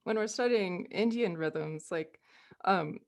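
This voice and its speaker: American woman with a low voice teaching. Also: slow, vocal fry, a little mellow. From United States. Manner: friendly, laughs often, counts rhythms aloud. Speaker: music teacher presenting a workshop. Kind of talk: online workshop teaching.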